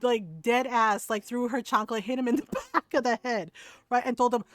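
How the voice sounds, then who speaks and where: A woman's voice: fairly high pitch, normal speed, dry recording. A middle-aged woman streamer telling family stories casually while gaming, laughing often and swearing freely.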